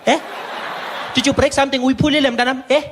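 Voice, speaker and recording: A man voicing a curt, mocking female hospital check-in clerk who shouts and taunts in a drawn-out way. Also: very high-pitched, level tone, background noise, voice pushed up. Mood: taunting. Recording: live comedy club with audience.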